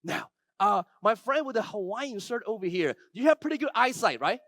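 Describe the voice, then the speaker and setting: Lively male keynote speaker on stage. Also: high voice, no room sound. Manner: lively, swings from soft and slow to loud and excited. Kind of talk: live keynote talk with audience magic trick. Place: conference stage before a live audience.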